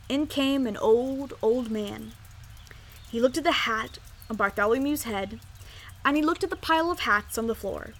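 A woman reading a children's story aloud in an expressive, lively way. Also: on the high side, moderate pace.

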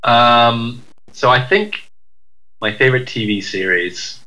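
A man's voice: medium pitch, slow pace, pushed and bright, low-quality recording. A man from the UK, co-hosting a casual chat, rambling and self-deprecating with many fillers and restarts. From United Kingdom. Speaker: podcast co-host.

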